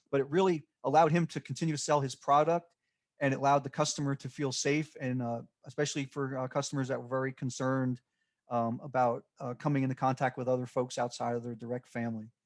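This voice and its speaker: A man giving a recorded slide presentation, speaking off the cuff and halting often with fillers and restarts. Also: mid-range voice. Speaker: extension presenter.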